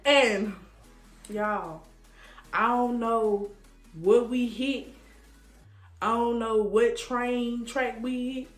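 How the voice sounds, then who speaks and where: Woman telling a story, laughing and animated. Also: fairly high pitch, drawn-out words, long pauses, roomy sound, faint music behind. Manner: animated, laughing, repeats phrases for effect. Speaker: storytime vlogger. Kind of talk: casual storytelling.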